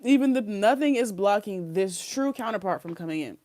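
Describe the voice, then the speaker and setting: A woman's voice: mid-range voice, lively intonation, normal speed, darkish tone. A woman giving a casual tarot reading, rambling and giggly with many fillers and restarts, talking around a sore wisdom tooth. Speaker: tarot reader. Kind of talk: casual spiritual reading monologue.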